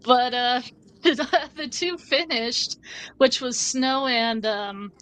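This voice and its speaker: A woman's voice: sits high, slow pace, fairly bright tone, clean tone, poor audio. A woman author chatting casually about her book, rambling and self-deprecating. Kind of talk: casual chat.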